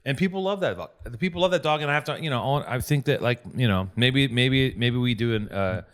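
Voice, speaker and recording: A man's voice: medium pitch, fast talker. A man hosting a podcast in casual chat, telling stories animatedly and swearing freely. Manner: profane, animated storytelling with acted-out quotes. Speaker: podcast host.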